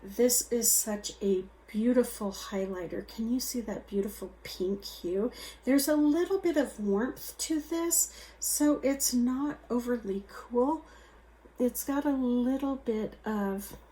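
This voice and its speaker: Slow, gushing higher-voiced woman. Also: mellow. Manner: gushing, slow and chatty, lingering on words. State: slightly out of breath. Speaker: beauty vlogger. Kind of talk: casual product review.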